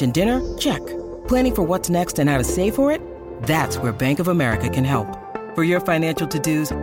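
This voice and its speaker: An upbeat announcer reads a polished ad at a brisk pace. Loud music plays under the voice throughout. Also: medium pitch. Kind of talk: scripted ad read. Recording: ad read over loud music.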